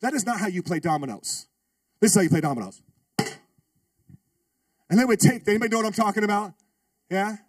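A man's voice: high voice, husky, no room sound, far from the mic. A man preaching a sermon as a pastor, telling a funny story and calling out to the congregation. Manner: animated, humorous, calls out to the congregation.

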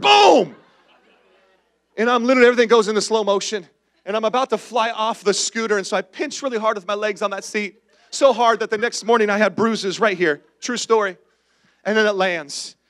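A man's voice: high-pitched, fairly bright tone. A man in his forties, a pastor telling a humorous personal story in a sermon and calling out to the congregation.

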